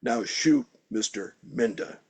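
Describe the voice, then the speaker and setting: A man's voice: medium pitch, slow, slightly rough, no room sound. A man reading aloud and voicing a pompous, chubby schoolboy gang boss who talks with mock politeness. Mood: smug.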